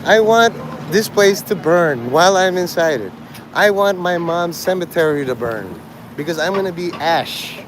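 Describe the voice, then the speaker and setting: A man's voice: sits high, background noise. A man livestreaming outdoors on a city street, rambling crudely and joking provocatively.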